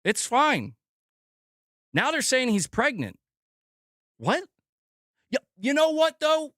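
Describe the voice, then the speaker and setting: A young adult man streaming about games, venting in a profane, animated way and acting out mock quotes of his critics. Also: very high voice, slow, no room sound, clean studio sound. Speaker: gaming streamer. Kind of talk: casual livestream rant.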